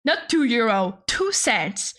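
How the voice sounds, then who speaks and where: High bright young woman ranting. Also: very animated, takes it slowly. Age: young adult. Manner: profane, exasperated, laughs often. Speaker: streamer. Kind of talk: casual storytelling rant.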